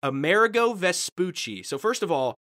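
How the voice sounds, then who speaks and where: Lively bright-voiced man in casual chat. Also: sits high, normal speed, no echo, studio quality. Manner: animated, swearing, jumps into put-on voices.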